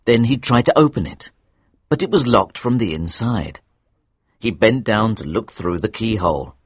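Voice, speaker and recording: A man reading a story aloud for English learners, slow, clear and expressive. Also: fairly low pitch, no echo.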